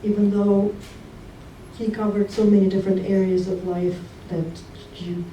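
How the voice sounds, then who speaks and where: A woman giving a memorial speech for her late husband, telling warm stories and laughing often. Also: medium pitch, flat delivery, measured pace. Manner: fond, storytelling, laughs often. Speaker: widow giving a eulogy. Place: memorial gathering in a hall. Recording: distant, roomy hall sound with faint background noise.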